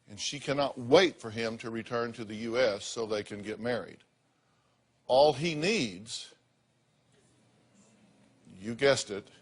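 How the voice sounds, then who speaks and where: A man's voice: mid-range voice, husky. A man in his sixties hosting a television talk show, talking in an emphatic, folksy way. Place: TV studio.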